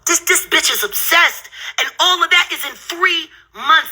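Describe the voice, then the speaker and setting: A middle-aged woman hosting her own channel rants angrily and profanely at her viewers, counting aloud sarcastically through the videos on screen. Her voice is very high-pitched, bright, and forceful, a little slow, and heated, cursing, and repetitive.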